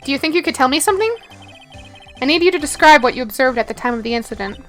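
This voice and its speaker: A woman's voice: high voice, animated, very fast, soft background music. A woman streamer reading a game aloud live, with chatty asides and laughs.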